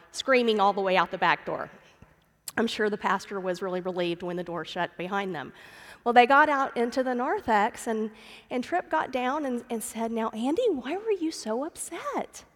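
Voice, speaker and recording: A woman's voice: fairly high pitch, moderate pace, a bit bright. A middle-aged woman pastor giving a sermon, telling a family story and calling her congregation "friends". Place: church sanctuary. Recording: long church reverb.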